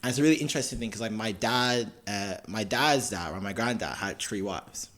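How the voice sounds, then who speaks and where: A man's voice: fairly low pitch, fairly quick, fairly bright tone. A young Irishman co-hosting a podcast, telling a story in casual chat with a loose, slangy manner full of fillers and swearing. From Ireland. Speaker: podcast co-host.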